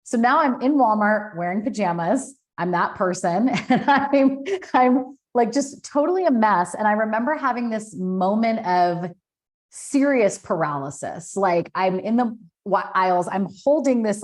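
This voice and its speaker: A woman in her thirties speaks as a podcast guest about her own life. She talks candidly and with feeling, her voice pitched in a middle range. Fillers and restarts come often as she tells it. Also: normal speed. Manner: candid, emotional storytelling with many fillers. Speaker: podcast guest, business founder. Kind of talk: personal story in an interview.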